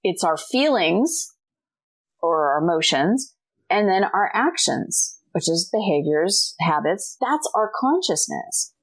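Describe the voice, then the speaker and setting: A woman's voice: fairly low pitch, slow. A middle-aged woman, a guest author, telling a personal story in a casual interview and acting out the dialogue. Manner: animated storyteller, acts out quoted dialogue.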